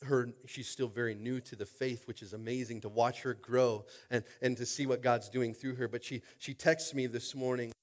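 A man preaching a sermon as a pastor, informal and jokey, dropping to quiet talk and then rising to shouting. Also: fairly even intonation, moderate pace, few pauses. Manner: swings from quiet, low talk to loud shouting; informal, jokey, with repeated "are you with me?".

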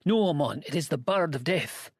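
A man voicing a bleary, furtive old Scottish man who speaks in hushed, wheedling dialect, with a slightly husky, dry sound. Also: medium pitch, a little slow, dry recording. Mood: ominous.

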